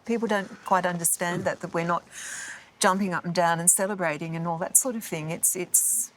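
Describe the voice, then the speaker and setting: A woman speaking quietly and wearily in an interview about a family loss. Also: fairly low pitch, a little fast, slight background noise. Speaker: interviewee, victim's relative. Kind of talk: emotional interview.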